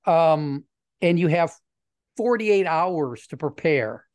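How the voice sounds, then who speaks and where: A man's voice: fairly high pitch, animated, slow, darkish tone, no echo. A man hosting a casual podcast from a home studio, stopping often with ums and uhs as he lines up his questions. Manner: hesitant, lots of ums and uhs. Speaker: podcast host.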